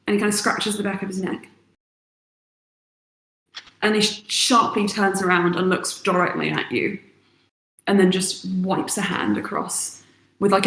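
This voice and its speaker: A woman runs a tabletop game, narrating each scene slowly and in careful detail. Her voice sits at a middle pitch and carries a roomy echo around it. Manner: slow, descriptive scene-setting. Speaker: game master.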